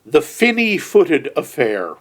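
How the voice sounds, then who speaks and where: A man co-hosting a movie podcast, making measured, wry remarks in casual chat. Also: on the high side, huge pitch swings. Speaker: podcast co-host.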